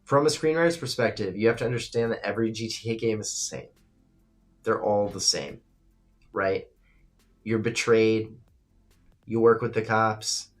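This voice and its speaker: A man hosting a live stream, talking casually and with emphasis, at times swinging loud and high, and reading out chat messages. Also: normal speed, long pauses, faint music behind. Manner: reads and answers chat. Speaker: livestream host. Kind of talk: casual livestream commentary.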